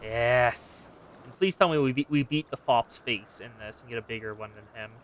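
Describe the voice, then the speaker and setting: A man's voice: medium pitch, fast talker, a little hiss or hum. Man streaming a game, muttering and swearing. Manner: talks to himself, swears, exclaims loudly then mutters. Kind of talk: casual gameplay commentary.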